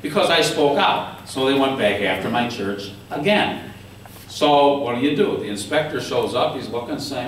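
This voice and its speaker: A man's voice: medium pitch, normal speed, recorded from a distance, a little hiss or hum. A man telling stories at a political forum, acting out officials as he quotes them. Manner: animated storytelling, acts out quoted officials. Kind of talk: speech to an audience. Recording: very echoey room recorded from afar.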